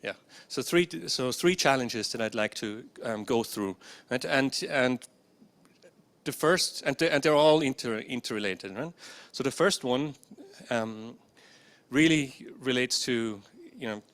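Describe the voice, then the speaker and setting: This man's mid-range, slightly bright voice is unhurried as he presents a conference workshop indoors via a handheld or stand microphone. Filler words crowd his hesitant speech, and he regularly checks in with the room.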